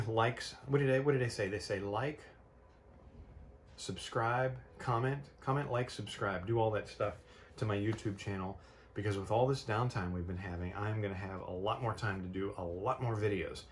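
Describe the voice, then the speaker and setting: A man's voice: lowish voice, moderate pace, slight background noise. A young man casually talking to camera in his home studio, rambling with lots of fillers and restarts. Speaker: vlogger.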